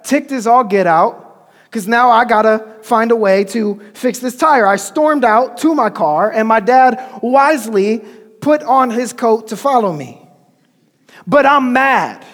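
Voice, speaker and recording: Pastor, male, very high voice, chatty storytelling sermon, long church-hall reverb. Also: lively intonation, a little slow, fairly bright tone. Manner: storytelling, conversational preaching with call-and-response. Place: church sanctuary.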